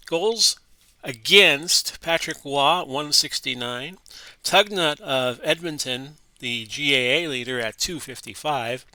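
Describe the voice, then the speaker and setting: A man's voice: medium pitch, pushed and bright, no echo. A man with a Florida accent casually walking through hockey simulation stats, chatty and correcting himself as he reads. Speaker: host of sports simulation channel. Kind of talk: casual play-by-play of a simulation game.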